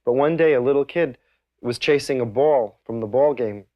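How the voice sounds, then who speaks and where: A man comedian reminiscing about his career in a casual, halting way, often restarting his sentences. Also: mid-range voice, dry recording, highs cut off. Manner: halting, with frequent restarts and soft fillers.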